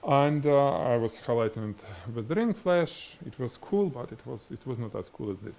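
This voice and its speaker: Teaching lighting on a live show, a photography instructor with a thick Russian accent and a middle male pitch talks at normal speed, animatedly working through a demonstration and laughing at his own expense. The audio has its highs cut off and a little background noise.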